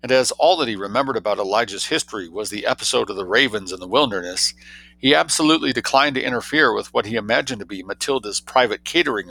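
A man reading an audiobook, voicing a droll young gentleman who tells tall tales in an arch, quick, mock-grave way. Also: mid-range voice, gravelly, pitched above the performer's own voice, poor audio.

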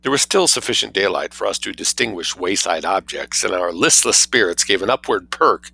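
Gravelly, expressive male storyteller. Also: low voice, moderate pace, dry recording, poor audio. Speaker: reader. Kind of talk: audiobook narration.

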